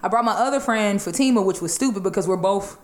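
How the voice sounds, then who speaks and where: A woman telling a wild story in a casual chat, animated and laughing, swearing freely. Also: mid-range voice, fast talker, roomy sound. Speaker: show host.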